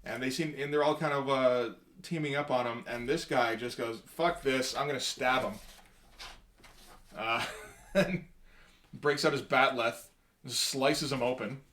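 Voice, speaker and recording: A man casually talking through a comic book page by page in a halting, rambling way, with wry asides. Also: mid-range voice, steady tone, a bit bright.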